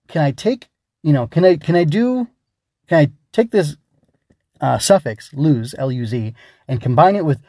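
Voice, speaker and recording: A man's voice: mid-range voice, mellow, no echo. Man, casual rambling solo talk, pedantic, dry close sound. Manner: rambling, many fillers and restarts; thinking aloud, pedantic. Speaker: writer.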